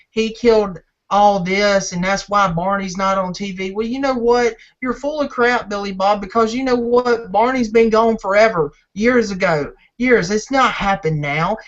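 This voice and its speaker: A man's voice: sits high, a bit bright. A man hosting a fan channel, ranting and repeating insults at a rival in a wrestling trash-talk promo. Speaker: fan channel owner and host. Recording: dull lo-fi audio.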